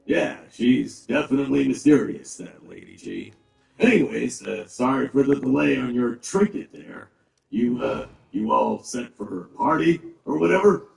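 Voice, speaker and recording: A big, gruff male orc in a video game. The voice is deeply gravelly and swings in pitch as he grumbles and quips sarcastically, with a roomy, distant sound over game music. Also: expressive, normal speed, slight background noise.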